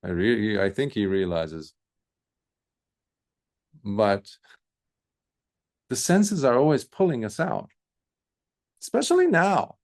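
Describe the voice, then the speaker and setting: A man, a Buddhist monk, giving a relaxed dharma talk, telling stories with pauses and fillers. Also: mid-range voice, dry recording, studio quality.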